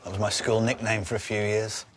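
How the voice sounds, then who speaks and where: A man's voice: on the low side, level tone, fairly quick. A man chatting as a guest on a cooking show, playful and laughing often as he slips into impressions. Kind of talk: casual chat on a cooking show. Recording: faint background noise in a studio kitchen.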